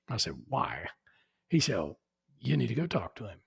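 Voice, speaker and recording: His mid-range voice is gravelly and slightly rough, and he keeps a moderate pace. A man in his 70s guesting on a podcast, he tells animated anecdotes and performs the voices of the people he quotes.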